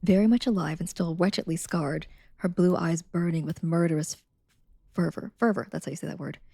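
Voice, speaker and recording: Soft-spoken woman with a low, mellow voice. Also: steady tone, fairly quick, vocal fry, slightly rough, no echo, studio quality. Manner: soft-spoken, drifts into whispers; chatty with viewers, reads steadily. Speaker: livestreamer. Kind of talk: casual chat and reading a novel aloud.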